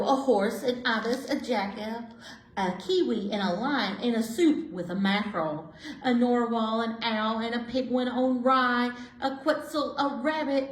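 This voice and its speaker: A woman librarian reading a rhyming picture book aloud, with lively, expressive storytelling and asides to her listeners. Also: a little high. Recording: echoey room.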